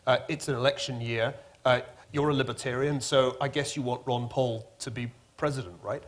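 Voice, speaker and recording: A middle-aged man moderating a public forum with a wry, lively manner. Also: moderate pace. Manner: wry, lively, rising pitch when emphatic.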